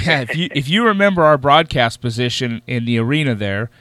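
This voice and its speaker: Male host, mid pitch, smooth and resonant, animated storyteller, dry close sound. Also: fairly quick, dry recording. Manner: animated storytelling with restarts and laughter. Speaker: podcast host. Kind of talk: casual interview chat.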